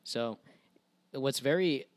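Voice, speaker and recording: A man's voice: medium pitch, no echo. Dry-sounding young man hosting a podcast. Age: young adult. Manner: lively recapping of news, quick laughs. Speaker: podcast host. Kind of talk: casual chat.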